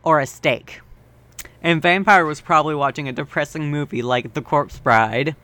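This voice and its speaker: A man co-hosting a comedy podcast, reading a story aloud deadpan and breaking off for joking asides. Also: fairly high pitch, moderate pace, a little hiss or hum. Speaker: podcast co-host and reader.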